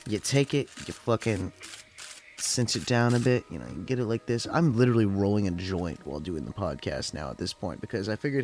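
A man's voice: lowish voice, brisk, a little mellow. Laid-back, tired man rambling through stories. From California desert. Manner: rambling, profane, heavy use of "like". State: tired after work. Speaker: podcast host. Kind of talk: casual storytelling chat.

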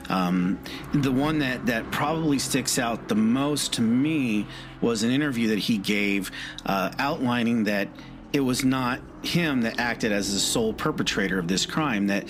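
A man hosting a podcast, narrating casually with frequent hesitant fillers. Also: mid-range voice. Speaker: podcast host.

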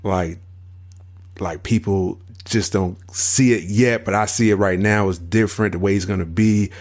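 A man's voice: deep voice, fairly even intonation, normal speed, a little mellow. A man co-hosting a casual wrestling podcast, talking in a laid-back way with lots of fillers and easy agreement. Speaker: podcast co-host.

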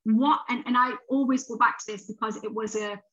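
A middle-aged woman, an author chatting casually as a podcast guest, animated and swearing freely. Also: on the high side, a little fast. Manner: animated, swearing, talks in quoted self-talk. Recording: slightly dull, lo-fi sound.

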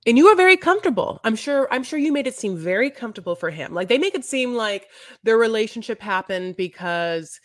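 A woman's voice: medium pitch, expressive, a little fast, dry recording, studio quality. A woman co-hosting a podcast, recapping a docuseries in a rambling, casual way full of restarts and fillers. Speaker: podcast co-host. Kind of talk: casual chat.

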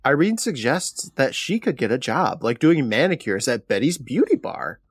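Lively podcast host recapping. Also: male voice, medium pitch, breathy edge, dry recording, clean studio sound. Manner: animated retelling, quick laughs. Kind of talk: casual episode recap.

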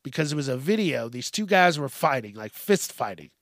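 Sweary podcast guy ranting, gravelly voice, dry close mic. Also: medium pitch, very animated, a little fast, a bit bright, no room sound. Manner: heated, sweary, sarcastic. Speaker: podcast host. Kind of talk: profane comedic rant.

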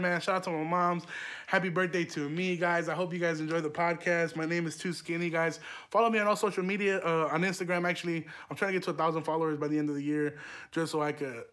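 A man's voice: fairly high pitch, flat delivery, fast talker, fairly bright tone, clear, resonant tone. A young man hosting a podcast, telling a story casually with lots of swearing and rambling asides. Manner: profane, rambling, laughing asides. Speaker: podcast host.

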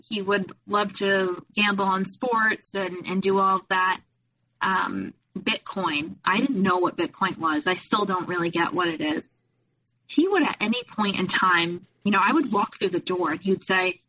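A young woman, a guest, telling her own story in an earnest, rushed way, full of "you know" and "like". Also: mid-range voice, pushed and bright, rough recording. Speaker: abuse survivor guest. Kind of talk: candid personal storytelling.

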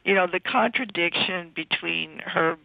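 A woman guest expert on a radio panel, talking about film with animated enthusiasm. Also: on the low side, normal speed, creaky. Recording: slightly dull, dry line.

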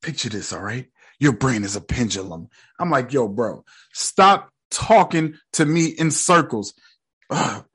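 A man's voice: mid-range voice, lively intonation, unhurried, a bit bright, breathy edge. A man casually recapping a TV episode in slangy, joking talk, mockingly quoting the characters. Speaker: show recap host.

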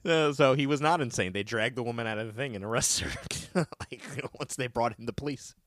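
A man hosting a trivia podcast in casual chat, telling funny stories and reading questions slowly. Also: mid-range voice, no room sound, studio quality. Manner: animated storyteller, joking, reads questions slowly. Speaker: trivia quiz host.

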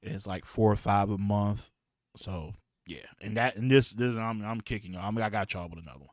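A man hosting a battle rap podcast, talking in a loose, slangy, profane and rambling way, clearing his throat now and then. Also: on the low side, normal speed, no room sound, clean studio sound. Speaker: podcast host and battle rap league promoter. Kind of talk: casual podcast talk.

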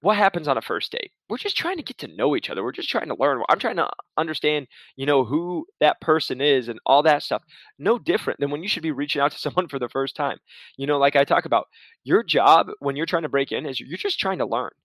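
A man's voice: on the high side, animated, quick pace, fairly bright tone, no room sound. A man giving casual career advice in a chatty, laid-back way, full of restarts and asides. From Arizona.

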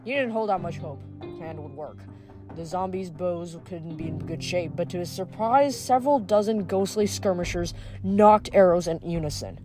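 A reader narrating a novel aloud in a steady, mid-pitched voice, now and then correcting a slipped word. Faint music plays underneath the whole time. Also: moderate pace. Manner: even, steady narration with small slips. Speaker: audiobook reader.

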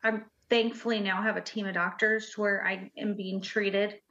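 A woman guest telling her own story in an interview, earnest and halting, with many fillers. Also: mid-range voice, little pitch movement, a bit bright. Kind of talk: personal interview talk. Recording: muffled lo-fi audio.

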